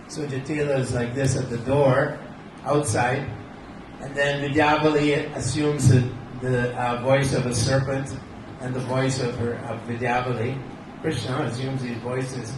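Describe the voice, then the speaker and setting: An older man giving a devotional storytelling lecture, animated and chuckling. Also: mid-range voice, measured pace. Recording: echoey room, distant mic, noisy.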